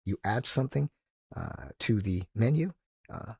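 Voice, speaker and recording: A male motivational speaker telling animated stories as a podcast guest, acting out the people he quotes. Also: lowish voice, a little slow, gravelly, slightly rough, no echo, clean studio sound. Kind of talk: casual storytelling.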